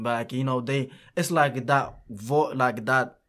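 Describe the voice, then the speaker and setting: A man tells stories from running a youth soccer camp in a relaxed interview. His voice sits at an ordinary middle pitch. He is animated and halting, restarting sentences often. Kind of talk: casual storytelling in an interview.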